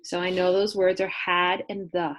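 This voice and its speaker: A young woman teaching a remote phonics lesson to kindergarten children, slowly sounding out letters and words. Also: lowish voice, little pitch movement. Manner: slow, exaggerated sounding-out of letters.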